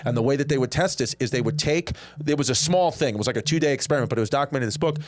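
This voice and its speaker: Rambling comedian with dry close sound. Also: male voice, medium pitch, racing, dry recording. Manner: rambling, animated storytelling with many restarts. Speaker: podcast host. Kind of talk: casual comedy podcast chat.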